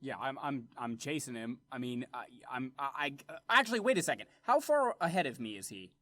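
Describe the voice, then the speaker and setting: A man's voice: medium pitch, very animated, fairly quick, pushed and bright, dry recording. A man playing a tabletop game, eager and stammering, with many repeated starts. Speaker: player.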